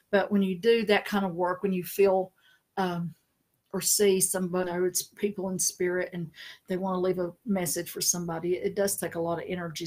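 A middle-aged woman, a spiritual consultant chatting casually, laughing often and slipping into funny voices. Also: medium pitch. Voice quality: chatty storyteller, laughs often, animated impressions. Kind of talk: casual chat on a live stream.

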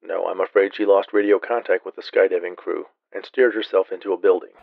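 Man doing a deadpan police officer. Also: low voice, brisk, creaky, no room sound, narrow, tinny audio. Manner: flat, matter-of-fact.

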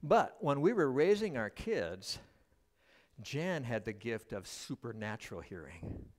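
A middle-aged male pastor preaching a sermon at a church service, joking with the congregation as an animated storyteller. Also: medium pitch, a little slow. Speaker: guest pastor.

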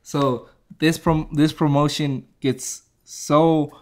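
A man's voice: on the high side, little pitch movement, takes it slowly. A man casually reviewing a movie, retelling the plot in a rambling way, laughing and correcting himself as he goes.

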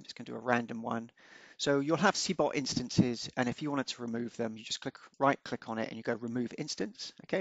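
A man casually narrating a screen-recorded software walkthrough, unscripted, with small self-corrections along the way. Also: mid-range voice, vocal fry, no echo. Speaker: software tutorial presenter. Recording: dull lo-fi dry voice-over.

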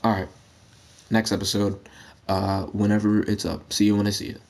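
A man's voice: lowish voice, flat delivery, normal speed, a little mellow. A young man giving casual gameplay commentary, rambling, swearing and freestyle rapping as he plays. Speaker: gaming channel host. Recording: noticeable background noise.

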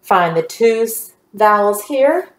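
A woman teaching a phonics lesson to young children, patient and encouraging, drawing out each word slowly. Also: mid-range voice, lively intonation, reverberant.

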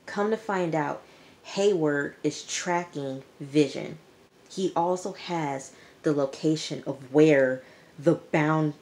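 A woman giving a chatty, animated recap of a TV episode to her viewers, talking to them directly. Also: deep voice. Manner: chatty, animated storytelling, addresses viewers as y'all. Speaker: TV episode reviewer. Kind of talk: casual recap vlog.

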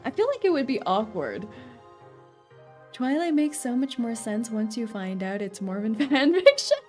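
Giggly high-voiced woman streamer. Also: very animated, moderate pace, darkish tone, faint music behind. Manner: giggly, laughs often between thoughts; playful, rambling, jokey. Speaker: game streamer. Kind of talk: casual live-stream chat.

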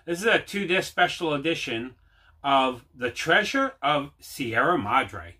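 A man with a somewhat high, bright, forceful voice hosts his own show from home. He rambles through his tale in a loose, chatty way, circling back and stacking up fillers. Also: very animated, a little slow, slightly rough. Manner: rambling, repeats himself, many fillers. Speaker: host. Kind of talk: casual storytelling to camera.

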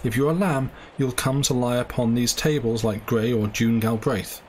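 A man playing a worldly, cynical male doctor who talks calmly and persuasively, lecturing and coaxing. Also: mid-range voice, moderate pace, slight background noise, natural voice.

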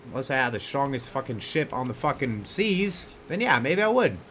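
His voice is medium in pitch, sing-song, and fairly bright, with a faint hiss or hum present. He's a gaming streamer doing let's-play commentary, swinging from easygoing banter to furious swearing at enemies.

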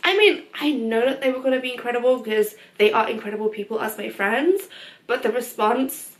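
At home, a young woman speaks directly to her camera with a casual, candid life update for her vlog. Her voice is slightly high and a bit fast, and she's chatty, laughs often, and fills pauses with lots of "um" and "like."

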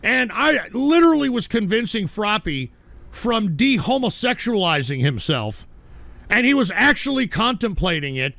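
A high, gravelly man rants as the host of a live radio stream. His voice is bright and cutting, and it goes off into abrasive shouts. The sound is dry and close. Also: no room sound. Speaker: livestream radio show host. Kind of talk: profane on-air rant reading chat.

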